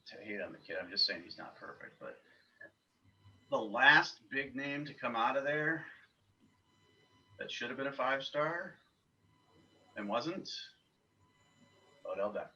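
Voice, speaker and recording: A man's voice: medium pitch, lively intonation, measured pace, pauses often, pushed and bright. A man from the Northeastern US, a recruiting analyst on a casual podcast, giving blunt, confident opinions over distant, dull remote audio.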